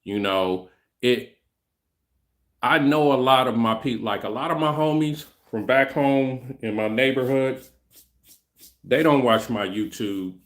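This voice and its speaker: A man's voice: mid-range voice, unhurried, pauses often. A middle-aged man hosting his own channel, talking casually and rambling straight to his viewers, often repeating himself. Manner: rambling, repeats himself, speaks to chat directly. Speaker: channel host. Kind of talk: casual livestream talk to viewers.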